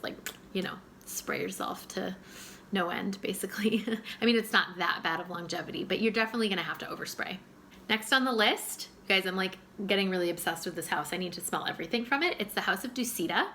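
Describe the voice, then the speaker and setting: A woman's voice: mid-range voice, pushed and bright, slight background noise. A woman in her forties chatting to camera about favourite things, gushing and chatty with lots of fillers. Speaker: fragrance reviewer. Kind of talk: casual chat to camera.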